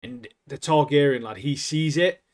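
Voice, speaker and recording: A man's voice: on the high side, moderate pace. A man co-hosting a podcast, chatting animatedly and laughing often. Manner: animated, laughs often, says "mate" a lot. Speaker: podcast co-host. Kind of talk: casual chat.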